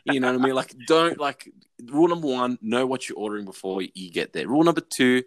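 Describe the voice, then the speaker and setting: A man's voice: medium pitch, fast talker, dry recording. A young man in casual chat, ranting loosely, swearing and filling his talk with "like".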